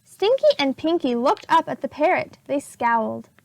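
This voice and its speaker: A woman teacher reading a chapter book aloud to preschool children, slow and expressive. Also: high-pitched, vocal fry.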